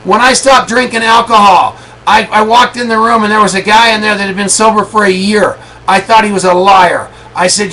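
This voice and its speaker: A man's voice: high-pitched, fairly even intonation, brisk, bright, forceful tone, rough recording. A middle-aged man hosting a motivational call, emphatic and preachy, repeating his lines for effect. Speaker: network marketing leader hosting a motivational call. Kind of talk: motivational pep talk.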